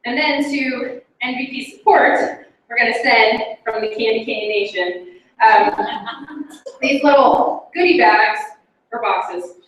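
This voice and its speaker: A chatty, bubbly woman speaks to her team at a meeting in a slightly high voice, with lots of fillers and little laughs. Her voice comes from some distance and rings around a very echoey room. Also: takes it slowly, a bit bright. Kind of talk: casual motivational talk to a group. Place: meeting room with a live audience. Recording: very echoey room, mic far off.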